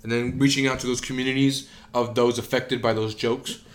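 A man co-hosting a comedy podcast in casual chat, animated and often restarting his sentences. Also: medium pitch, brisk. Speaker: podcast co-host.

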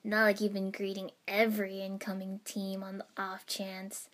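A woman's voice: medium pitch, completely flat delivery, normal speed, fairly bright tone, natural voice. Woman voicing a teasing slacker ninja. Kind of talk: storybook reading.

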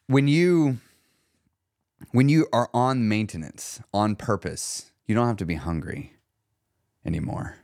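A man's voice: lowish voice, a little slow, long pauses, no room sound, studio quality. A middle-aged man hosting a solo weight loss podcast, talking casually and getting worked up into rants. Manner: excitable, gets worked up and rants.

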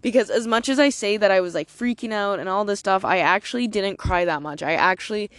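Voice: medium pitch, fairly quick, a bit bright, clean tone, no room sound. A young adult from Canada hosts a podcast and tells a personal story in a loose, rambling way. The talk is full of "like" and casual swearing. The recording is dry and close, with no room sound. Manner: rambling, heavy use of "like", frequent swearing. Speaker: podcast host.

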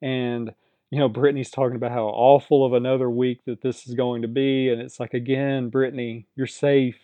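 A man's voice: mid-range voice, level tone, fairly quick, warm tone, dry recording, muffled recording. A man recapping a reality competition show in a casual, chatty way, often hedging and repeating himself.

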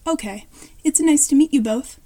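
A polite, easily impressed new-kid boy from a read-aloud story, voiced by a woman. He speaks high and friendly, with a mellow, darker tone. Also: moderate pace, close to an everyday voice.

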